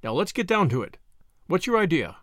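A man's voice: fairly high pitch, very animated, fairly quick, fairly bright tone, no echo, studio quality. A man doing a brash rich young man. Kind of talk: audiobook character voice.

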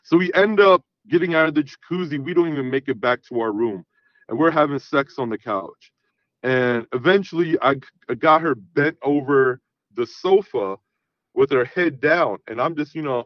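A man's voice: mid-range voice, normal speed, no echo. A man telling a long personal story in casual, rambling talk, full of swearing and "I'm like" asides. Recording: dull lo-fi sound.

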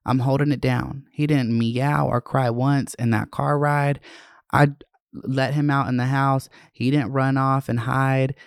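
A man's voice: mid-range voice, little pitch movement, slow pace, vocal fry, clear, resonant tone, dry recording, clean studio sound. A man in his twenties talking candidly in a personal vlog, rambling and swearing freely. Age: 20s. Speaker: vlogger.

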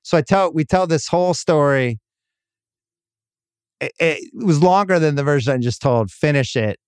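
A man's voice: fairly high pitch, lively intonation, moderate pace, clean tone, dry recording, studio quality. A middle-aged man hosting a podcast, telling a wry, self-mocking family story in casual chat. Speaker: podcast host.

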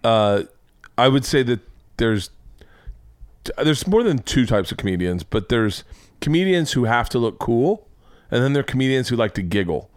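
A middle-aged man hosts a comedy podcast and tells stories in loose, casual chat. He giggles hard at his own jokes and swears freely, in a mid-pitched voice. The close mic sounds dry. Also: sing-song, moderate pace, pauses often, no room sound. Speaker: podcast host.

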